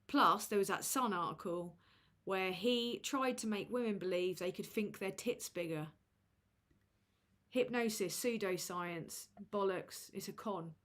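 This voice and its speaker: A woman's voice: medium pitch, a little slow, a bit bright. A woman hosting a casual livestream and reading out super chats, crude and sardonic as she roasts people. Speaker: livestream host.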